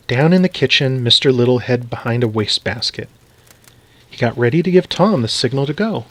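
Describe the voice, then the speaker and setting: A man reading a children's story aloud in an animated, expressive way. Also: mid-range voice, fairly quick, no echo.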